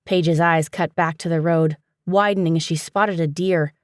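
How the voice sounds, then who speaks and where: A woman narrating a fantasy audiobook in a steady, even storytelling manner, recorded on a close studio mic. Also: lowish voice, moderate pace, no room sound. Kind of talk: scripted narration.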